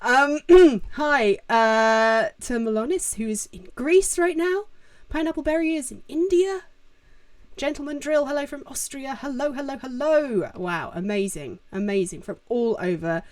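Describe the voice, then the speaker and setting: A woman's voice: high voice, lively intonation, a little slow. A young woman hosting a casual live-stream Q&A from a room at home, chatting with viewers and using many fillers.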